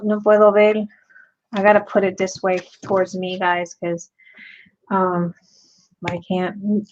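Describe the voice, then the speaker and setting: A woman's voice: medium pitch, dull audio. A woman hosting a craft tutorial, chatting casually and teasing playfully as she works. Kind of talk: casual demo while crafting.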